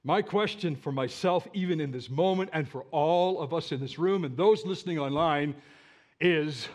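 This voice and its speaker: A male pastor preaching a sermon to his congregation, swinging from loud, emphatic calls to low, quiet asides. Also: normal speed. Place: church sanctuary with a live congregation.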